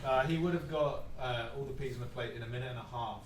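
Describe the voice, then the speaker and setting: Man, task assistant, halting delivery, distant, echoey room, background noise. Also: medium pitch. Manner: halting, filler-heavy delivery of scores. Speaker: task assistant reading out results. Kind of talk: casual comedy panel chat.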